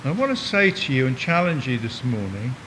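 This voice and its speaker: Very animated and a little fast, a sixty-something English visiting preacher gives a chatty, joking talk that engages the congregation. He is recorded in a church hall with long reverb and a faint rumble.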